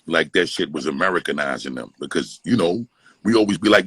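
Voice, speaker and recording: A man from Brooklyn, telling animated, profane stories as a guest and slipping into impressions. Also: rumbling low, a little fast, slightly rough, no echo, low-quality recording. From East Flatbush, Brooklyn, New York. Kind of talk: casual storytelling.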